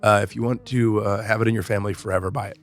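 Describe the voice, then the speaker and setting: A man's voice: on the low side, steady tone, very fast, faint music behind. A man, a comedian co-hosting a podcast, telling a loose, profane story in casual chat.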